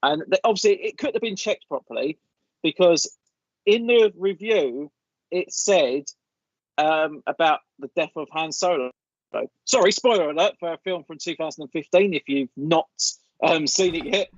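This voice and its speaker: Podcast co-host guy, kinda high voice, chatty, muffled lo-fi mic. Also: moderate pace, dry recording. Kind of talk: casual podcast chat.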